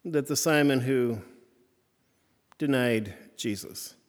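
Male preacher, casual halting delivery, mid pitch, long room reverb. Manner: halting, conversational, many restarts. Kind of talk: sermon. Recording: reverberant hall.

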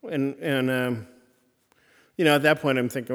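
A man preaching a conversational sermon, halting and restarting often as he retells a story. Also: medium pitch, steady tone, fairly bright tone. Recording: reverberant hall.

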